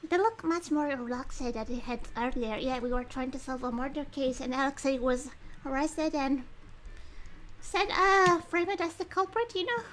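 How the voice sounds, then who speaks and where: A bubbly woman streaming a game, with a high voice that chats, laughs and reads lines aloud while she eats. A faint hiss sits under her voice. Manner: chatty and giggly, eating and talking with food breaks. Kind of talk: casual livestream chat while reading a game aloud.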